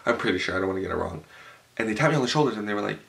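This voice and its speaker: Young guy ranting a story at home, swears a lot, lowish voice. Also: rapid-fire, gravelly. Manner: animated, profane, full of fillers. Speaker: vlogger. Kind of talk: storytime vlog. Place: home room with a cloth backdrop.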